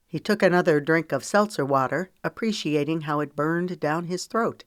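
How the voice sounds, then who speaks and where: An audiobook is read by a woman whose deep voice tells the story in a measured, level manner. Studio-quality sound, with no room ambience.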